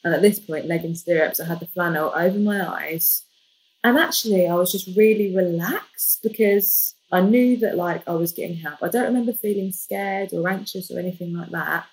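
A woman, a podcast guest, telling a personal story in a lively, jokey way. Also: on the low side, normal speed, rough recording. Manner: lively, jokey, animated retelling. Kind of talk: casual storytelling.

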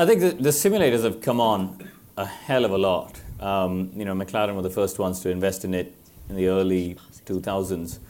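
Middle-aged man, low voice, quick lively anecdotes on a panel, laughs a lot. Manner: animated storytelling, laughs often. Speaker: former racing driver speaking on a panel. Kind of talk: live panel talk, anecdotal.

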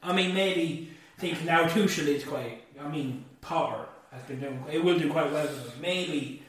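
A man's voice: a little high, normal speed, a bit bright. A man co-hosting a casual football podcast, jokey and teasing. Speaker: podcast co-host. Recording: echoey distant mic with faint noise.

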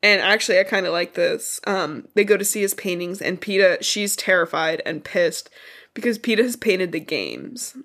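A woman's voice: fairly low pitch, expressive, normal speed, fairly bright tone. A congested woman with a stuffy nose, co-hosting a podcast and loosely recapping a book in casual chat, swearing as she goes. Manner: chatty, loose retelling with swearing and asides. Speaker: podcast co-host.

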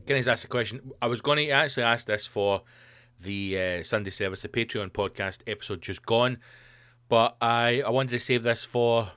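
A man's voice: medium pitch, normal speed, bright, forceful tone, dry recording. Sweary Scottish man rambling on a podcast. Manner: rambling, sweary, jokey asides. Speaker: podcast host. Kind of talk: comedic podcast monologue.

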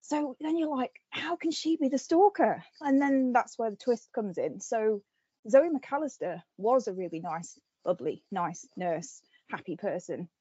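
Animated woman podcaster recapping a plot. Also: medium pitch, a little slow, slightly rough, dry recording, muffled recording. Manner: animated storytelling with lots of fillers. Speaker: podcast host. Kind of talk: casual chat.

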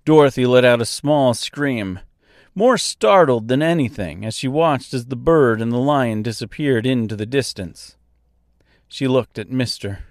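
Slow, wry male storybook narrator. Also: mid-range voice, lively intonation, dry recording, clean studio sound. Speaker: audiobook narrator.

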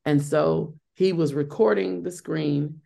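Gravelly-voiced middle-aged woman, chatty. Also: sits low, fairly even intonation, takes it slowly, dark tone. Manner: chatty, many restarts and fillers. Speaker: guest, Broadway actress. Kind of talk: interview conversation.

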